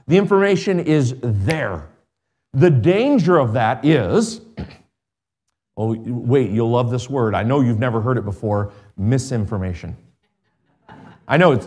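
A middle-aged male preacher delivers a sermon in an easy, conversational way. His voice sits a little high, and he drops into dry sarcasm before building to emphatic rises.

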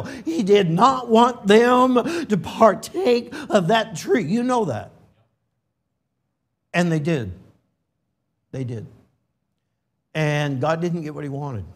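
Slow, emotional high-voiced male preacher. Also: animated, husky. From California. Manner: slow and emotional, swinging from loud emphasis to hushed near-whisper. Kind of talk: sermon.

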